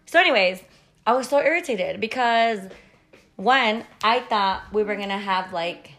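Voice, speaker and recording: A woman's voice: medium pitch, measured pace, fairly bright tone. A woman in her thirties hosting a podcast, telling a story in a blunt, profane, chatty way full of "like" fillers. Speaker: podcast host. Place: at home.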